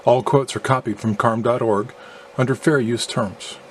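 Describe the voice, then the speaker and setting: Male narrator, measured and argumentative scripted read, mid-pitched, faint background noise. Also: steady tone. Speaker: video narrator.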